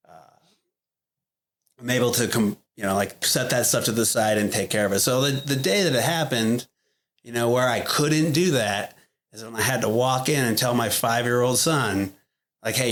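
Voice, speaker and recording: A man's voice: medium pitch, a bit bright. A middle-aged man speaking as a podcast guest, blunt and profane, with frequent "like" and "you know" in his speech. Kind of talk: candid interview talk.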